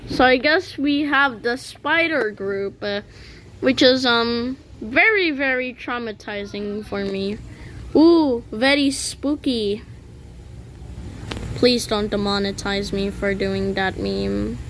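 A woman talks over her gameplay in a casual, rambling way, tossing in memes and jokes. Her voice sits a little high and she takes her time. A faint hum of background noise sits under her. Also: slow, rough recording. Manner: rambling, jokey, meme-quoting. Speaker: gaming channel host.

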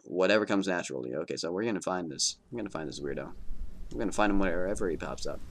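A man giving jokey let's-play commentary on a horror game, talking back to the game and swinging between loud bravado and muttering. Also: sits low, lively intonation, quick pace, vocal fry, slight background noise. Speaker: gaming video host.

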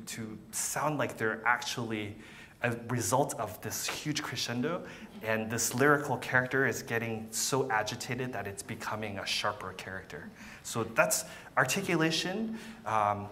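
A man's voice: medium pitch, bright, forceful tone, slight background noise. A man teaching a violin masterclass, encouraging and patient, often repeating words and counting beats aloud. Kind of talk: masterclass coaching.

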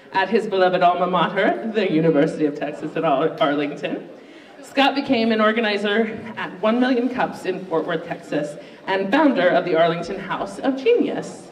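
A host running a live student pitch contest in a university library event room. The host is chatty and upbeat and pokes fun at their own slip-ups. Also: distant mic. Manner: upbeat, chatty, self-mocking. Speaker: game show host. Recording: roomy, echoey room recorded from afar.

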